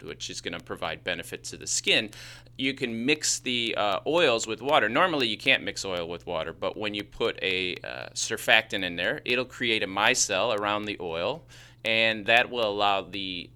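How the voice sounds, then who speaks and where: Bright-voiced man with a Chicago accent. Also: fairly low pitch, clean tone. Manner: explanatory, laughs easily. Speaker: podcast co-host. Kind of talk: casual science chat.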